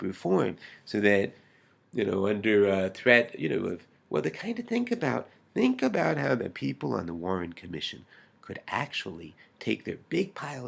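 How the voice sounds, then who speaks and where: A man's voice: lowish voice, creaky, a bit bright, husky. A man recording a rambling, intense personal video message, swearing and restarting often and often dropping to a whisper.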